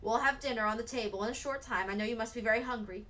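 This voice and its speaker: A woman's voice: on the high side, fast, pushed and bright. A woman voicing a farm mother who cheerfully reassures the children. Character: warm farm mother, welcoming.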